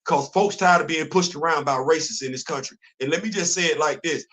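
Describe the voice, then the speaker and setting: A man's voice: a little high, fairly quick, hardly any pauses, bright, forceful tone. A man hosting a comic book morning show, talking casually and emphatically to his audience with a worn-out voice. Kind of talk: casual talk-show commentary.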